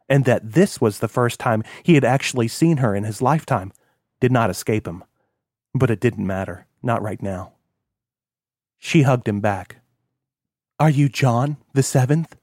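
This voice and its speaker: A man giving calm, measured scripted narration of a novel. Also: mid-range voice, dry recording, studio quality. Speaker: audiobook narrator.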